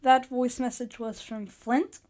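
A podcast host reading a short adventure story aloud in an eager storytelling manner. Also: female voice, a little high, flat delivery, unhurried, darkish tone. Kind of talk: storybook narration.

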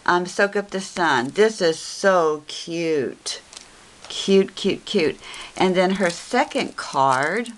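A woman with a lowish voice talks slowly and unhurriedly through a casual craft unboxing. She gushes over each piece and keeps saying how cute it is. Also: animated, slight background noise. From Texas. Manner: gushing, repeats "cute" often. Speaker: craft vlogger. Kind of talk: casual unboxing show-and-tell.

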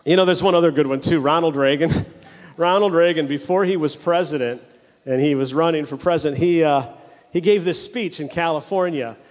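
A male pastor preaching a sermon, telling stories with quick mimicry of the people in them. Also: fairly high pitch, big-room sound.

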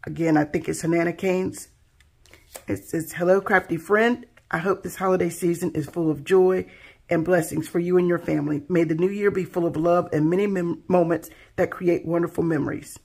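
A woman with a husky, slightly gravelly voice talks softly to her viewers as she unboxes handmade craft pieces. She gushes over every detail in a relaxed, casual way, her words trailing off into quiet admiration. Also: lowish voice, normal speed. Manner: soft-spoken, gushing, admiring. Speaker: craft channel host.

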